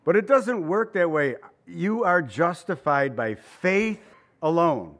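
Conversational preacher man, slightly higher voice. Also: lively intonation, takes it slowly, fairly bright tone. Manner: conversational preaching with rhetorical questions and chuckles. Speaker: pastor. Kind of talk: sermon.

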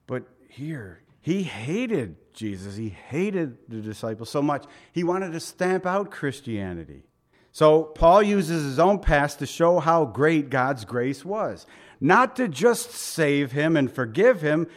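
A middle-aged man delivers a sermon in a talky, conversational way. His voice sits a little high for a man. He leans on rhetorical questions and acts out the quotes he reads. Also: very animated, slow. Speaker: pastor.

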